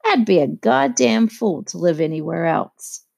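A woman's voice: on the low side, lively intonation, unhurried, gravelly, darkish tone, no room sound, studio quality, heavily acted. A woman voicing a brash, wealthy young man who speaks curtly and decisively. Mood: blunt. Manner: curt and decisive.

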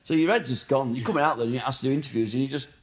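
A man's voice: mid-range voice, rapid-fire. A man from Blackburn, telling rambling, sweary stories as a guest in a casual interview. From Blackburn, England. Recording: roomy echo.

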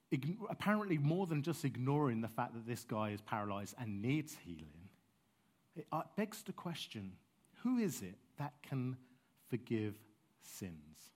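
Passionate conversational male preacher. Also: medium pitch. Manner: passionate, conversational, self-aware asides. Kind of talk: sermon.

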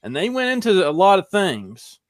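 A man's voice: sits high, wildly swooping pitch, normal speed, dry recording, studio quality. A man co-hosting a casual podcast, talking in an easygoing way and chuckling often. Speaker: podcast co-host and show producer.

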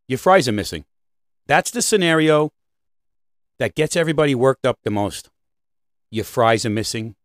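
A man's voice: mid-range voice, no room sound. A man hosting a podcast, talking in a casual rant and checking in with "right?" again and again, swearing now and then. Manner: animated, keeps asking "right?". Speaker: podcast host.

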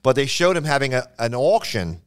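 A man's voice: mid-range voice, big pitch swings, brisk, smooth. A man co-hosting a podcast in a studio, chatting casually and rambling with many restarts. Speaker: podcast co-host. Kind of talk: casual chat.

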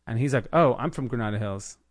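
A man in his thirties from the Los Angeles area, a podcast guest telling his business story in a casual, animated way, acting out the people he quotes. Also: medium pitch, quick pace. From United States, Los Angeles area. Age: 30s. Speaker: podcast guest, clothing brand founder.

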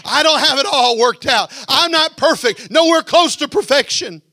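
A man preaching a fervent sermon as pastor, building to shouts and then dropping low. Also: lively intonation, moderate pace, no echo, studio quality.

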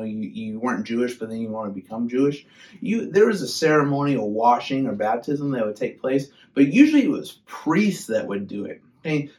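Chatty, sassy young male preacher. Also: medium pitch. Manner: chatty, sassy, humorous, animated. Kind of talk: casual sermon.

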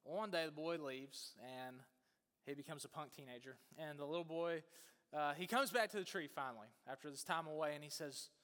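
A man preaching a sermon, telling a story in an animated way and acting out the voices. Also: on the high side, fairly quick. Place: church sanctuary. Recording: long church reverb.

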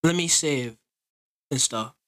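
Taking it slowly, a gaming creator with a medium-pitched, slightly bright voice gives relaxed, rambling commentary on his gameplay while addressing his viewers.

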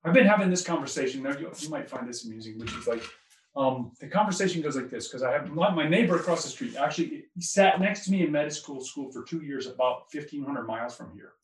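Man, doctor, mid-pitched, rambling conversational delivery, echoey and off-mic. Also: lively intonation, fast, recorded from a distance, slight background noise. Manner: rambling, restarts often. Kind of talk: casual political conversation.

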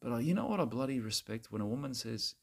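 A man's voice: medium pitch, expressive, fast, vocal fry. A man playing a crude, self-righteous Australian bloke who rants at women in a rambling, repetitive way, saying mate and bloody constantly. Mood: preachy rant. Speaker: comedy character monologue. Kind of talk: satirical rant to camera.

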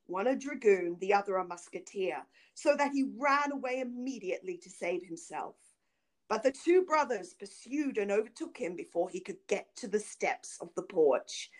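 A woman narrating an old fairy tale in an expressive, dramatic reading. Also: on the high side. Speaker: reader. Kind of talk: storybook narration.

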